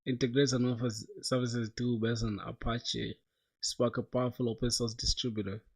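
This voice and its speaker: A man's voice: mid-range voice, flat delivery, moderate pace, slightly rough. Slangy young man coding on stream. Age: young adult. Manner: loose, slangy, talks to chat, says bro a lot. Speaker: coding livestreamer. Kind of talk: casual livestream chat while coding.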